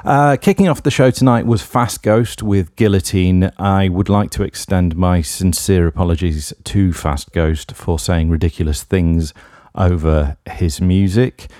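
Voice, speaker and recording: A very deep-voiced man hosts a music radio show, talking between tracks. His tone is mellow and dark, and he rambles in a wry, self-deprecating way. The sound is dry and close, with no room around it. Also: measured pace, no echo. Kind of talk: casual radio DJ links.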